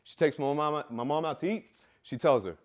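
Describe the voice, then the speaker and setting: A man telling a raw personal story with heavy swearing, dropping low and quiet, then bursting out loud. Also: a little fast. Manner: profane, intense, swings from quiet to loud; loud, self-described. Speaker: fitness business coach telling his life story.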